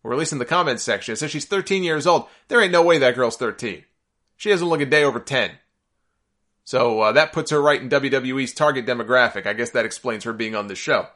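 A man hosts a solo podcast, running through the week in a bright, forceful voice. He is opinionated and sarcastic, and he gets exasperated and worked up along the way. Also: mid-range voice, a little fast. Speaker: podcast host.

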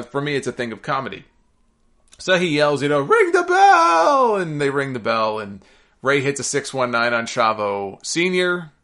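A man talks through a wrestling recap and mailbag like a casual podcast host. His voice is bright and forceful at a middling pitch, and he rambles with fillers and quick asides.

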